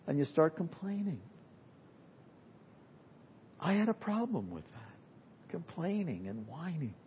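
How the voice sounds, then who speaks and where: A man preaching an unscripted sermon, swinging from loud emphasis to near-whispers and acting out complainers in quick asides. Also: on the high side, highs cut off, a little hiss or hum. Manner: animated, swings from loud to very quiet. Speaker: pastor.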